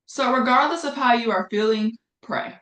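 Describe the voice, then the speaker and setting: Her voice a little high and fairly bright, a woman teaches a relaxed Bible study at a normal speed. She keeps things conversational and often repeats phrases for emphasis, in an echoey room.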